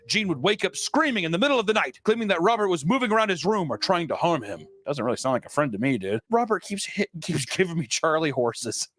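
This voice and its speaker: A man's voice: high-pitched, fairly bright tone. A man hosting a comedy podcast, reading aloud and riffing with profane, sarcastic asides. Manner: profane, sarcastic, jumps into silly voices. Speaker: podcast host.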